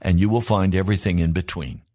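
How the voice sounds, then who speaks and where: Earnest low-voiced male preacher. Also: steady tone, quick pace, mellow, dry recording, studio quality. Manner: earnest, emphatic, repetitive preaching cadence. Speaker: pastor. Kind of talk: sermon.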